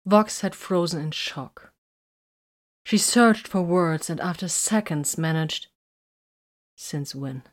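A woman narrating a story in an even, measured reading. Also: lowish voice. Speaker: audiobook narrator. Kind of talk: scripted narration.

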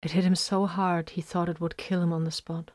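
A low-voiced woman narrates a scripted military science fiction audiobook, her otherwise flat delivery breaking into emphatic bursts and dropping suddenly to hushes. She reads fairly quickly, and the close, dry recording has no echo or room sound.

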